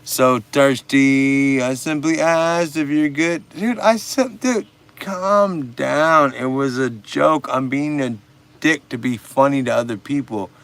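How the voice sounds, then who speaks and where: A man's voice: a little high, measured pace, creaky, fairly bright tone. A man hosting a casual livestream chat, talking stoned, laid-back and profane while teasing a viewer. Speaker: livestream host.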